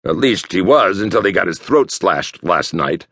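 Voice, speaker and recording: A man's voice: deep voice, big pitch swings, normal speed, fairly bright tone, slightly rough, no echo, exaggerated voice. Brief: hard-edged detective chief, barking orders, read by a male narrator, dry close sound. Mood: harsh. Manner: harsh, commanding.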